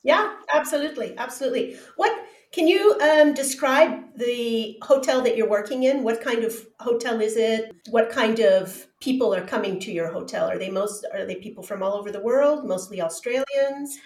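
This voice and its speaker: A woman's voice: a little high, normal speed, hardly any pauses. A woman hosting a podcast interview, asking questions in an encouraging way with short affirmations. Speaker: podcast host. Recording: echoey room.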